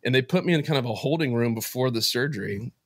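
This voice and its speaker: A man guest in a casual interview, telling a heartfelt personal story in an earnest, emotional way, often halting and restarting his sentences. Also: mid-range voice, expressive, no room sound, studio quality. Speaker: podcast guest, business founder.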